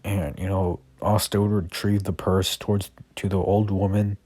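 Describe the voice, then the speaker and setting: A man's voice: deep voice, flat delivery, normal speed, a little mellow, no room sound. A man improvising a fan story, rambling with constant fillers and restarts.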